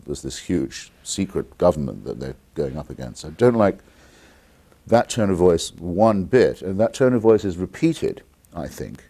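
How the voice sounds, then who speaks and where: An English man, an author who is the guest on a call-in television interview, speaking deliberately and articulately with blunt opinions. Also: low-pitched, mellow. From England.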